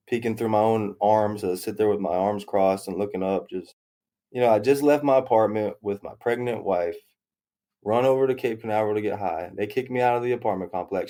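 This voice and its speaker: A man tells his story candidly, doubling back on himself and acting out the voices of the people in it. His voice sits on the low side, with a mellow, relaxed tone. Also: brisk. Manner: rambling, self-interrupting retelling with quoted dialogue. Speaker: interview guest.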